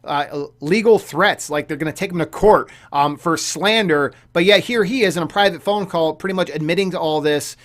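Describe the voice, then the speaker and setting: A young man, a gaming YouTuber, launches into a heated, casual commentary rant that keeps repeating itself and is full of stammering restarts. His voice is slightly high, his speed normal, and he hardly pauses.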